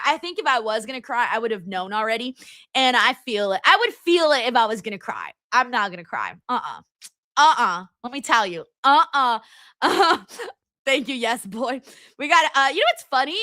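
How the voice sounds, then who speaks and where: A woman's voice: fairly high pitch, expressive, a little fast, pushed and bright, dry recording. A young woman hosting a live-stream watchalong, chatting casually and giggling as she reads out viewer comments.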